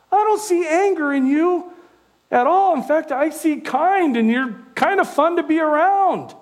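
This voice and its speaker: A middle-aged man from California preaching a sermon as a pastor, conversational and animated, telling stories from his own life. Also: very high voice.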